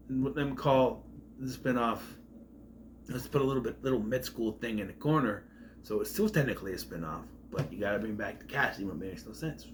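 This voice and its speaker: A man's voice: mid-range voice, brisk, fairly bright tone, slight background noise. A man rambling through an opinionated casual review vlog, often trailing off mid-thought. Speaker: TV series reviewer.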